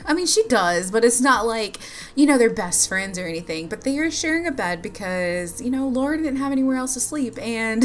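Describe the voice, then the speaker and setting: Background noise is faint as this woman narrates her life-sim gameplay for viewers, her pitch a little high and swinging widely at an unhurried pace. She keeps it casual, chatty and bubbly, laughing often.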